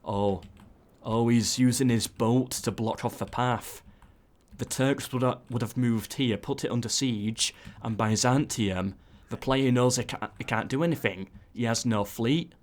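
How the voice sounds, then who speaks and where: A man giving casual play-by-play commentary on a strategy game, breaking into excited asides. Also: medium pitch, measured pace. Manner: excitable, frequent "ooh"s and asides.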